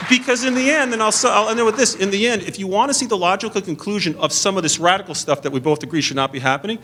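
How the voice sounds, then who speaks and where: A man's voice: high-pitched, expressive, fast, few pauses, bright, forceful tone, a faint crowd, slight background noise. A middle-aged man answering in a debate from a stage podium, earnest and stumbling over restarts. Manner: earnest, repeats and restarts under pressure.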